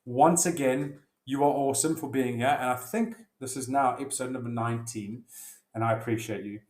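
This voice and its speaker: A man hosts a casual solo podcast, chatting and storytelling in a relaxed way. He corrects himself on the fly at a middle pitch. The room is noticeably echoey. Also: brisk. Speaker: podcast host.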